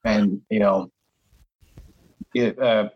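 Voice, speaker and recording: A man's voice: lowish voice, fairly even intonation, very slow, breathy edge. A man in a casual talk, thoughtful and easygoing, dropping the odd swear word. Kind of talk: casual chat. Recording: dull lo-fi sound.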